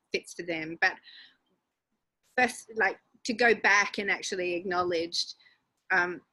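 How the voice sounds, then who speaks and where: A woman's voice: fairly low pitch, bright, forceful tone, low-quality recording. A woman hosting a podcast, reflecting thoughtfully and hesitantly on what her guest shared. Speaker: podcast host. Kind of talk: reflective interview chat.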